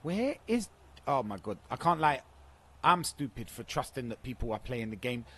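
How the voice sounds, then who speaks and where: A man's voice: mid-range voice, very animated, normal speed, a bit bright, slightly rough. A man, streaming a football game and cursing at his teammates in frustrated trash talk. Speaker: gaming streamer. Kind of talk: live gameplay commentary.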